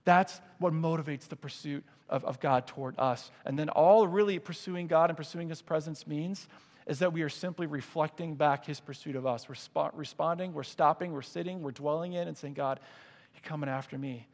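A man's voice: fairly high pitch, moderate pace. A man in his thirties preaching a sermon, earnest and conversational, telling stories with frequent restarts. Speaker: pastor. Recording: long hall reverb.

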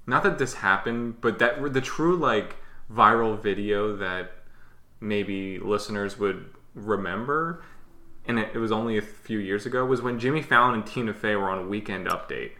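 A man hosting a casual podcast, eager and jumping in with quick asides. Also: on the low side, sharp tone. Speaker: podcast host. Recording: roomy echo.

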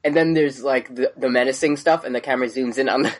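A man's voice: medium pitch, fast talker. A man co-hosting a podcast, chatting casually and profanely, laughing often and acting out lines from the show. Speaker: podcast co-host. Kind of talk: casual recap chat.

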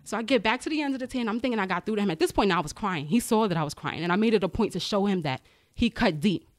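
A woman's voice: medium pitch, very fast, dry recording. A woman who works as a corrections officer tells frank stories from her job in a podcast conversation, acting out the voices of the people she quotes. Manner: animated, acts out others' voices when retelling; frank, uses profanity.

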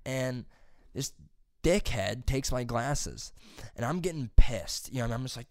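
A young man telling a rambling high school story on a podcast, swearing freely and saying "dude" and "like" constantly. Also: normal speed, a little mellow, dry recording, clean studio sound. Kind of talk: casual storytelling chat.

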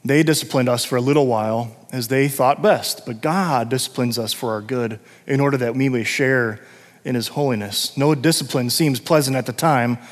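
A man's voice: medium pitch, moderate pace. A middle-aged man preaching a sermon as pastor, reading scripture and breaking into casual asides and short laughs. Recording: long hall reverb.

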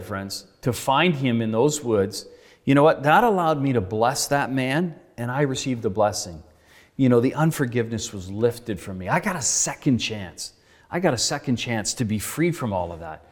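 A man preaches, telling a story in an earnest, conversational way and voicing the people in it himself. His voice sits in the middle range for a man. A long church-hall reverb trails after each phrase. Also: mid-range voice. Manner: earnest, conversational, acts out dialogue. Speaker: pastor. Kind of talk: sermon storytelling. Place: church sanctuary.

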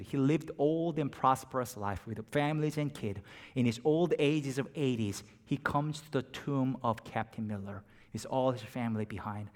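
Preacher swinging from hush to fervor. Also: male voice, mid-range voice. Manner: dynamic, drops to near-whispers and rises to emphatic peaks. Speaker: pastor. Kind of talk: sermon.

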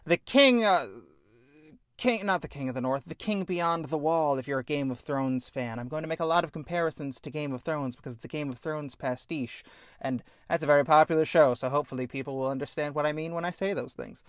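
A man's voice: on the high side, fairly even intonation, fast, dry recording. Rambling, eager male podcast host. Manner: rambling, enthusiastic, self-correcting. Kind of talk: casual explainer chat.

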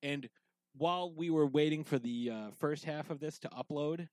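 A man's voice: a little high, normal speed, darkish tone, dry recording, poor audio. A man co-hosting a casual podcast, talking in a rambling way with lots of fillers and restarts, sipping whiskey as he goes. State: drinking whiskey while talking. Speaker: podcast co-host.

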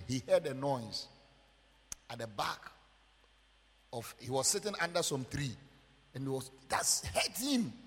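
High, gravelly Ghanaian preacher. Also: male voice. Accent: Ghanaian English. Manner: emphatic preaching, swinging from loud outbursts to near-murmurs. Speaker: pastor. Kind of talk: sermon. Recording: long church hall reverb.

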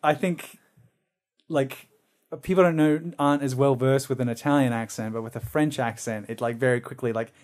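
A man's voice: mid-range voice, normal speed, a little mellow. Rambling man on a podcast. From Australia. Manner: rambling, many fillers and restarts, drops into silly voices. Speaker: podcast co-host. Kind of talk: casual chat.

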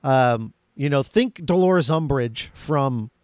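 A man co-hosting a casual movie discussion, animated and acting out lines from scenes. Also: medium pitch, takes it slowly, no room sound, studio quality. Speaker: podcast co-host.

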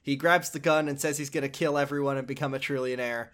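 A man's voice: medium pitch, steady tone, quick pace, fairly bright tone. A man hosting a podcast, recapping a video game in a rambling, hesitant, swearing way.

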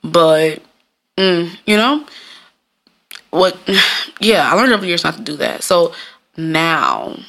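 Chatty, profane woman with a gravelly low voice. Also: lively intonation, takes it slowly, long pauses, fairly bright tone. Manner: chatty, profane, laughs often, slips into high mocking voices. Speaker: cook and baker telling stories. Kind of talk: casual storytelling monologue.

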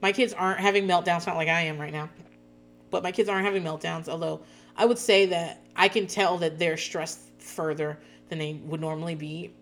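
Thirties woman, podcast host, lower-pitched voice, casual and profane recap chatter. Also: fairly even intonation, a little fast. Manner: chatty, profane, laughs often. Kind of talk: casual chat recapping a reality show.

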